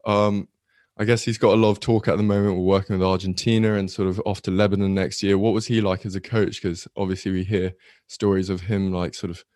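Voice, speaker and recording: A man's voice: low voice, flat delivery, a little fast, a little mellow, no room sound, studio quality. A man interviewing a guest, asking rambling questions full of hesitant fillers. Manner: hesitant, many fillers like "sort of".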